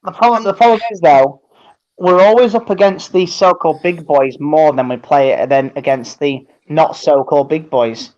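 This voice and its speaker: A man's voice: fairly high pitch, normal speed, a little mellow, highs cut off. A man chatting casually on a football fan show, rambling and restarting his sentences. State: tired.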